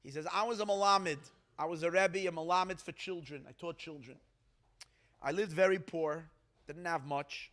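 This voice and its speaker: A man's voice: a little high, normal speed, fairly bright tone, close to an everyday voice. A man voicing the ghost of a poor young teacher who tells his own story in an earnest, heartfelt way. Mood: wistful. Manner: heartfelt, earnest first-person telling.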